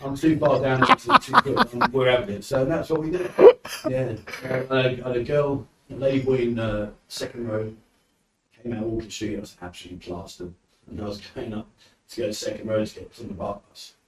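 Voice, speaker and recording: A British man from the UK tells animated anecdotes as a podcast guest, acting out quotes in a casual storytelling style. His mid-range voice is a little fast and creaky. He sits far from the mic, so the sound is roomy with faint noise.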